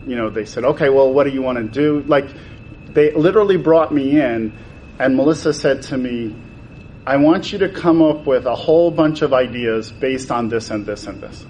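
A man with a mid-range voice tells industry stories in a lively way, slipping into different voices for the people he quotes. A faint hiss of background noise sits under the recording. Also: medium pitch, normal speed, rough recording. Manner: acts out quoted exchanges with voice changes. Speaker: toy designer guest. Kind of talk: animated storytelling in conversation.

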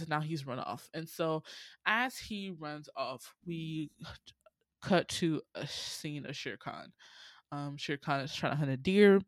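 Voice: mid-range voice, measured pace, no echo, clean studio sound. Slangy, chatty plot recapper. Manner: slangy and chatty, lots of fillers. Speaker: film recap host. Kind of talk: casual plot retelling.

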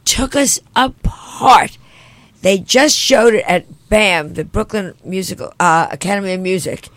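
An older woman guest in an interview, brash and joking with quick comebacks. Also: on the low side, fairly bright tone, no echo.

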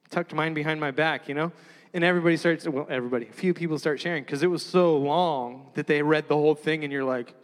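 A man with a fairly high voice tells a sermon story, bouncing between jokes and earnest reflection. His voice rings out with a long reverb from a large hall. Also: a little fast. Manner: animated, laughing, self-mocking asides. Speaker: preacher.

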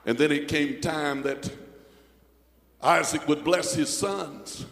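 A man's voice: fairly high pitch, fairly even intonation, slow pace, gravelly. Fervent preacher man in echoey church. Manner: fervent preaching that climbs to shouts. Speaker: pastor. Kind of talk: sermon.

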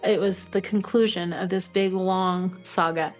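A middle-aged woman sharing a personal adoption story in a documentary interview, halting with fillers and tearing up at moments. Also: on the low side, fairly even intonation, faint music behind. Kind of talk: emotional personal testimony.

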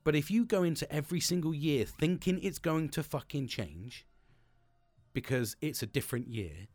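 A man's voice: a little high, expressive, normal speed, darkish tone, no echo. A young man hosting a podcast, talking in a casual, rambling way, swearing freely and laughing often. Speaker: podcast host. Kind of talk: casual motivational monologue.

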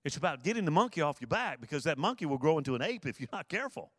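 A man's voice: a little high, very animated, very fast, a bit bright, dry recording, clean studio sound. A man preaching a sermon, earnest, repeating his key phrases for emphasis. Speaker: pastor.

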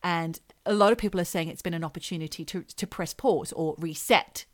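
A woman's voice: lowish voice, a little fast, dry recording, clean studio sound. A woman co-hosting a casual chat, joking and swearing casually as she talks. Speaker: podcast co-host.

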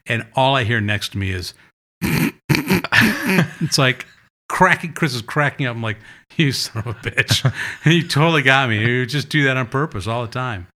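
Man, casual storyteller, bright tone, mid pitch, acts out quotes. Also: normal speed. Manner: animated anecdotes, acting out quotes. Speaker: guest.

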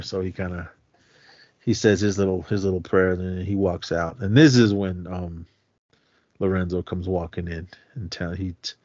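A man with a slightly low voice walks through a film's story in a loose, rambling podcast chat, acting out each line with "he goes." The sound is dry and a bit dull and lo-fi, with no room around it. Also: darkish tone, no room sound. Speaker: podcast co-host. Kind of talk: casual film recap.

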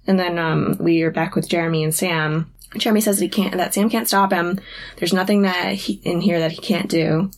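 A woman's voice: on the low side, steady tone, a little fast. A woman retelling scenes of a TV show in casual chat, quoting characters with "he's like". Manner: narrates with many "he's like" quotes. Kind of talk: casual chat recapping a TV episode.

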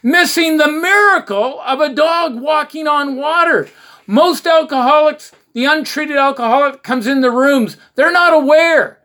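A man's voice: very high voice, measured pace, sharp tone. A man speaking at a recovery meeting, giving an earnest, preachy talk on the twelve steps, full of rhetorical questions and short anecdotes.

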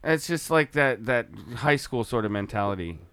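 A man's voice: medium pitch, animated, normal speed, fairly bright tone, smooth, no room sound. A young man guesting on a podcast, laid-back, laughing often and swearing casually. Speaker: guest musician.

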